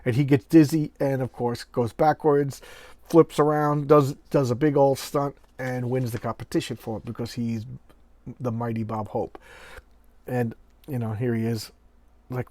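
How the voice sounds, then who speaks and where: A middle-aged man with a medium-pitched, slightly mellow voice chats casually about an old comic book at a normal speed, with no room sound. In this show-and-tell, he acts out bits of the dialogue in short bursts and corrects himself along the way.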